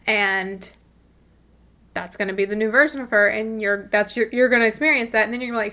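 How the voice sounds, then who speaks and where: Young woman vlogger, a bit high-pitched, chatty, acts out bits of dialogue. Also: fairly even intonation, a little fast, a bit bright. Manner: chatty, swears freely, acts out quoted voices. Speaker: manifestation coach and vlogger. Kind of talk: casual talk to camera.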